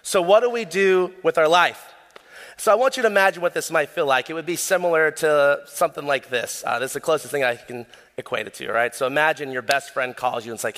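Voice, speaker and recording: A young man preaching a sermon as pastor, casual and animated, telling stories with lots of fillers. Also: fairly high pitch, fast talker. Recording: long hall reverb.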